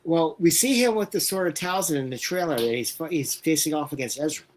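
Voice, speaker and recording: Male co-host, fairly high voice, hesitant and filler-heavy, casual live stream chat. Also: a little fast. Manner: hesitant, many filler sounds.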